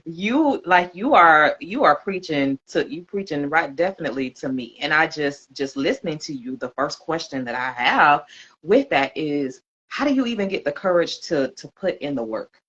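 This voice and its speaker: A woman's voice: sits low, lively intonation, moderate pace, fairly bright tone, slightly rough, lo-fi sound. A woman hosting a podcast, responding to her guest in an affirming, emotional way. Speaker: podcast host. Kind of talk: conversational interview.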